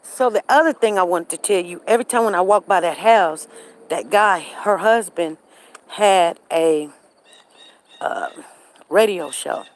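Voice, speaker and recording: On her live stream, a middle-aged host casually gossips through a neighborhood story, adding asides for her viewers. She speaks a little slowly in a lowish voice, captured by the streaming device.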